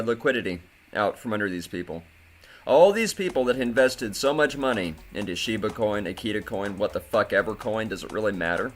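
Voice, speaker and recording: A man hosting a crypto news video, ranting angrily and swearing a lot, with faint music behind him. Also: mid-range voice. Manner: profane, heated ranting. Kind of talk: angry crypto news commentary.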